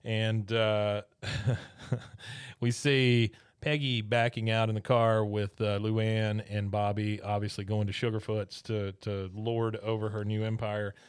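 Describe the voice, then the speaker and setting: A man's voice: lowish voice, level tone, slow, clean tone, dry recording, studio quality. A man co-hosting a podcast, casually recapping an episode scene by scene as a chatty storyteller. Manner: chatty storyteller, laughs often. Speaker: podcast co-host.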